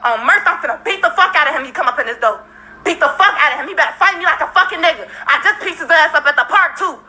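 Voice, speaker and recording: A woman's voice: very high voice, lively intonation, fast, pushed and bright. A woman inside a house, filming on her phone as she confronts someone, cursing and repeating angry threats. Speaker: woman confronting a neighbor over theft. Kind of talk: heated confrontation filmed on a phone. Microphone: handheld phone.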